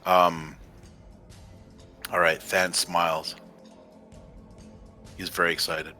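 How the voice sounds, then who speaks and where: A man's voice: deep voice, flat delivery, takes it slowly, sharp tone, soft background music. A man playing in a tabletop game, thinking aloud hesitantly with fillers. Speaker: player. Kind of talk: casual tabletop play.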